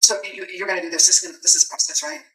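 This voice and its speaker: A woman interviewer in a recorded police interview, speaking in a steady, reassuring way and explaining at length. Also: on the low side, rapid-fire. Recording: roomy, distant from the mic, faint background hum.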